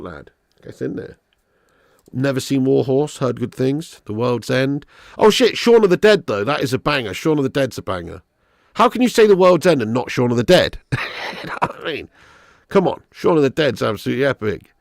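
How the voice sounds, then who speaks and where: A man with a gravelly, mid-range voice hosts a live football watch-along, chatting casually and reading out viewer comments. He's animated, laughs often and swears freely, and the studio-quality audio has no room sound.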